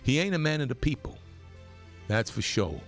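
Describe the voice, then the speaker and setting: A man from New York hosting a talk radio show, delivering a rambling, opinionated monologue that gets more animated as he goes. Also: moderate pace, soft background music. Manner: animated, rambling, pitch climbs when worked up.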